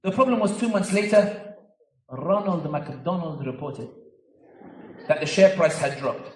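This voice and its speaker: A man giving an animated, joking public speech to a live audience, with emphatic stretches. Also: on the high side, a little slow, slight background noise. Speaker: guest speaker. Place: large convention centre hall. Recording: echoey hall, voice picked up from far off.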